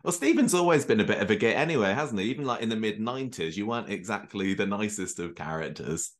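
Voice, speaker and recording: A man's voice: fairly low pitch, animated, quick pace. A man hosting a podcast, asking questions with brief, friendly prompts. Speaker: podcast host. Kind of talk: casual interview questions.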